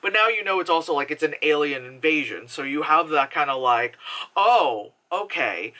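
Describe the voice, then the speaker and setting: Here a young woman with a low-pitched voice reviews a film at a moderate pace, wandering off topic, cursing openly, and using plenty of filler words. She keeps laughing as she acts out scenes with animation.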